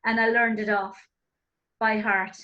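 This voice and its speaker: A woman hosting an interview, chatting casually and telling lively stories with frequent laughter. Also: mid-range voice, unhurried, muffled recording. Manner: lively storyteller, laughs often. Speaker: host.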